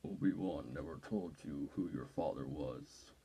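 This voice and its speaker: A man doing an impression of a menacing deep-voiced male dark lord, slow and heavy. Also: husky, full character voice.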